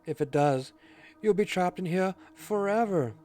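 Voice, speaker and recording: A man voicing a smug, presumptuous talking cat in a slow, drawn-out way. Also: high-pitched, expressive, dark tone, pitched above the performer's own voice. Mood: ominous.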